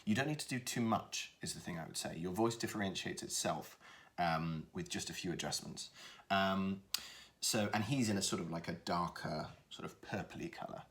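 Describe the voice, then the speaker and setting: A man's voice: low voice, normal speed, creaky, fairly bright tone. A voice actor giving a casual tutorial on voicing characters, hesitating often as he talks. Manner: hesitant, lots of fillers and restarts.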